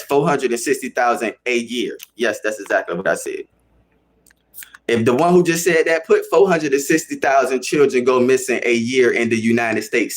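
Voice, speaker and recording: A young man with a Chicago accent hosting a casual livestream, talking to his chat in a slangy, animated way and repeating himself for emphasis. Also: mid-range voice. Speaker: livestream host.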